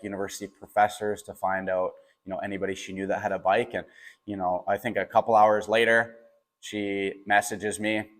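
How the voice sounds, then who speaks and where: A young man telling a personal story in a casual, animated way, with lots of fillers and quoted dialogue. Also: fairly low pitch.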